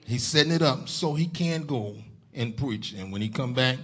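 A man preaching a folksy sermon in a church as a guest preacher, starting soft and building to loud exhortation. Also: medium pitch, lively intonation, moderate pace, slightly rough.

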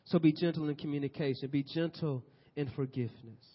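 A man preaching a sermon, swinging from loud urgent exhortation to soft, near-whispered passages. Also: a little high, brisk, slightly rough. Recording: dull lo-fi audio.

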